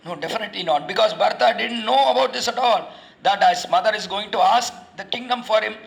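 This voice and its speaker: Guy giving a religious talk, high voice, explains slow and repeats himself. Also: vocal fry, sharp tone, poor audio. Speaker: religious teacher. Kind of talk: devotional discourse.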